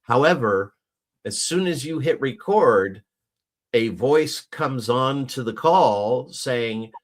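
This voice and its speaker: A man from the United States co-hosts a casual chat via video call, his voice fairly low and his pace slow. He rambles loosely, restarting often and leaning on fillers.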